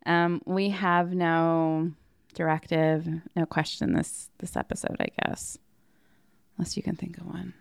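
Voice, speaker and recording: A woman's voice: on the low side, level tone, unhurried, gravelly, clean tone, dry recording, clean studio sound. A woman co-hosting a podcast in casual chat, joking crudely and giggling often. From California. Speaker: podcast co-host.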